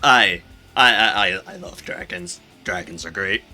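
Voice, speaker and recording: A man giving excitable, gushing let's-play commentary on a video game, swearing now and then. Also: deep voice, a little slow, faint music behind. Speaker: streamer.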